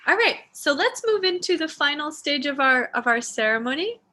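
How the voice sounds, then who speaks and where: A woman hosting a live-streamed meditation ceremony, speaking softly and slowly in devotional blessings and chatting to viewers. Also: high voice, expressive. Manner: soft, slow and devotional when blessing. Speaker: spiritual teacher and ceremony host.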